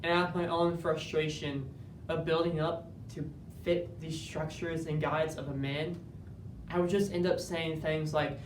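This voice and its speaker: A man giving an earnest, measured dramatic interpretation performance that builds to moments of intense emphasis. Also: little pitch movement. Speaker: speech competitor. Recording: roomy, distant, faint rumble.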